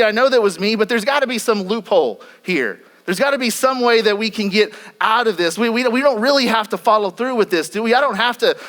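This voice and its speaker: A man's voice: high-pitched, a bit bright. A man voicing a flustered king who stammers and pleads with his lawyers for a way out. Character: flustered male king desperate for a loophole.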